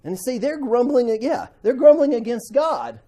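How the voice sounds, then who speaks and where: A man teaching a Bible class to students, animated, acting out quotes and asking the class questions. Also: very high-pitched, normal speed.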